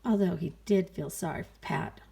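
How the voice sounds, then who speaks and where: A woman's lowish, gravelly voice brings a children's picture book to life at a moderate pace. She reads playfully and expressively, with sighs and exclamations that follow the story.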